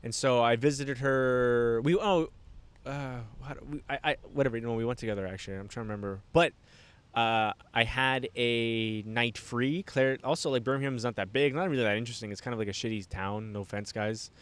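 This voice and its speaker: A man's voice: medium pitch, fairly quick, clear, resonant tone. Rambling young man telling a story. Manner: rambling, animated, lots of fillers and self-restarts. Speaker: podcast guest. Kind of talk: casual storytelling chat.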